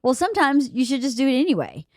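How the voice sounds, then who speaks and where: A woman's voice: high voice, sing-song, quick pace, darkish tone, no echo, studio quality. A middle-aged woman hosting a podcast, talking in a practical, reassuring way during a casual family conversation at home. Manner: practical, reassuring, explains things plainly. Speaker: podcast host. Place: home, late night.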